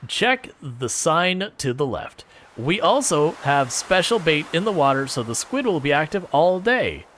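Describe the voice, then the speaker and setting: A man doing a brisk contest announcer. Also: on the high side, very animated, fairly bright tone, slight background noise. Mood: announcing.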